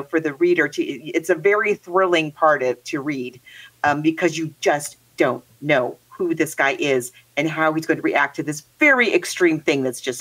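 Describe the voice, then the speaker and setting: A woman with a fairly low voice talks eagerly in casual chat. She piles on asides and laughs easily. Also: a bit bright, poor audio. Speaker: co-host discussing a story.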